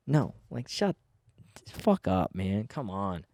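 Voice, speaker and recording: A man's voice: on the low side, very animated, slow, a little mellow, dry recording, studio quality. A man hosting his own podcast, ranting casually with lots of swearing and stumbling restarts. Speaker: podcast host. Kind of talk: casual solo podcast rant.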